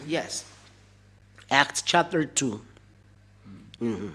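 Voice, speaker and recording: A man's voice: mid-range voice, expressive, extremely slow, bright, forceful tone, breathy edge. A man preaching a sermon, reading scripture aloud and then arguing it with rhetorical questions, often repeating and restarting his words.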